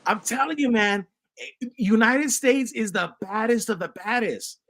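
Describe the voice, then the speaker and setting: A man's voice: sits high, a little slow, fairly bright tone. A man hosting a casual chat podcast, rambling through stories with lots of fillers. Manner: rambling, many fillers and restarts. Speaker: podcast host.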